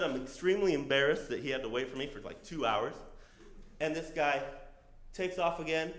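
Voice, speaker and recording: Animated, profane male storyteller on stage. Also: on the high side, fairly quick, roomy sound. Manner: animated, casual, profane, acts out other people's lines. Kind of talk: live storytelling. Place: comedy stage before a live audience.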